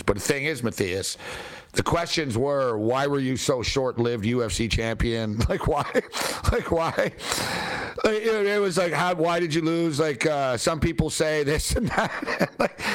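A man hosting a podcast, telling a story in an animated, casual way with laughter. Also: medium pitch. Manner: animated, laughing, quoting others in voices. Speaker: podcast host.

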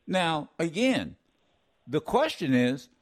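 Animated, slow-talking Ohio man hosting radio. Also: a little high. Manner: animated, emphatic, repeats words. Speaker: radio talk show host. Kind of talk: call-in radio talk.

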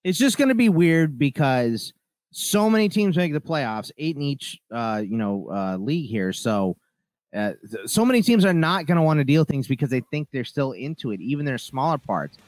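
A man co-hosting a sports radio show, talking in a relaxed, rambling way. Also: medium pitch, moderate pace, no room sound. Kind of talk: casual sports talk.

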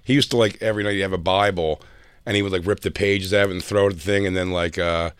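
A man with a lowish voice hosts a casual podcast chat. He tells offhand, laughing anecdotes. The recording is close and dry. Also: fairly even intonation, quick pace, smooth, dry recording. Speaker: podcast co-host.

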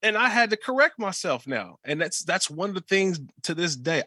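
A man's voice: sits high, very animated, moderate pace, bright, forceful tone, husky, no room sound. A man who works as a sports broadcaster, talking casually and reflectively, telling stories from his own experience. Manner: reflective, storytelling. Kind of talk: casual conversation.

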